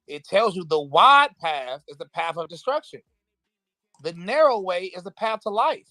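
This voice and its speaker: A man's voice: high-pitched, very animated, sharp tone, no room sound, soft background music, low-quality recording. A man hosting a live stream, arguing heatedly with frequent restarts and bursts of laughter. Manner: impassioned, laughing, fast bursts with repeated restarts. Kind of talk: heated political talk.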